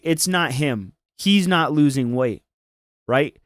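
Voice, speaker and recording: A man's voice: a little high, measured pace, clear, resonant tone, dry recording, clean studio sound. A man hosting a casual stream, chatting in a laid-back, profane way and laughing often. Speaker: stream host. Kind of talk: casual commentary chat.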